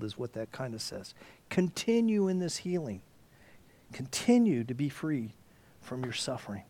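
A man preaching a sermon, dropping to whispers and rising to near shouts as he acts out the story. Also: mid-range voice, big pitch swings, moderate pace. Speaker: pastor.

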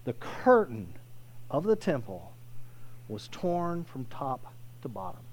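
A male pastor preaching conversationally, restarting phrases often and swelling loud to stress a point. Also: mid-range voice, huge pitch swings, slow pace. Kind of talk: sermon.

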